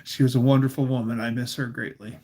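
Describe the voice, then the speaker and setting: A man's voice: medium pitch, little pitch movement, fast, warm tone. A man hosting a casual livestream, telling a story in a rambling way full of fillers and restarts. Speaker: livestream host.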